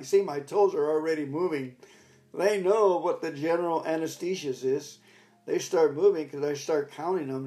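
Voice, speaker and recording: An older man telling a rambling personal story in a casual, reflective talk. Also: a little high. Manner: rambling storyteller, bursts into loud commands when retelling. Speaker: recovery talk speaker.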